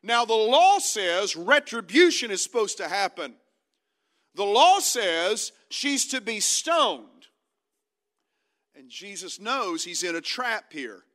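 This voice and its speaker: A man preaching a sermon, retelling stories with dramatic swings between loud emphasis and hushed, quiet quoted lines. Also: high-pitched, sing-song, slow.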